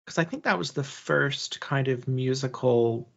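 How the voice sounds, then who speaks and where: A podcast co-host in casual chat, relaxed and laughing easily while asking questions about the film. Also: medium pitch, measured pace, vocal fry, highs cut off.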